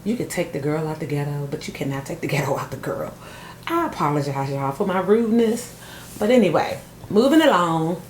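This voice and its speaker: A middle-aged woman chatting casually to camera about thrift finds, telling stories with animated energy and calling her viewers y'all. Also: low-pitched, a little fast. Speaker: thrift vlogger. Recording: echoey room with faint noise.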